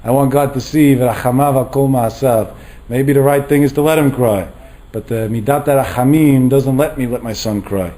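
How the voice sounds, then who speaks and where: Man, middle-aged, rabbi, storytelling sermon, warm low timbre, average pitch. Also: moderate pace, rough recording. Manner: animated, acts out quoted voices. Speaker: rabbi lecturer. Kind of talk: Torah lecture with storytelling.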